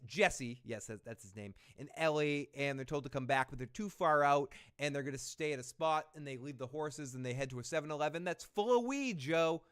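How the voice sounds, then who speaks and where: A man hosting a casual recap chat, excitable and joking, with loose swearing. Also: a little high, clear, resonant tone. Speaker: podcast host.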